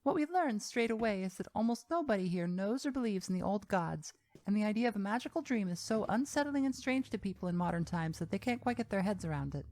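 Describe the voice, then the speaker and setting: A woman narrating a video essay in a measured, calm, scripted storytelling delivery. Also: medium pitch, dry recording.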